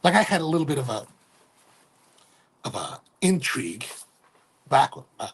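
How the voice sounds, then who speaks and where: A man's voice: mid-range voice, sing-song, normal speed, husky. A middle-aged man hosting a casual livestream, rambling and correcting himself as he talks, often checking in with "right?". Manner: rambling, self-correcting, keeps asking "right?". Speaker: livestream host and coffee retailer.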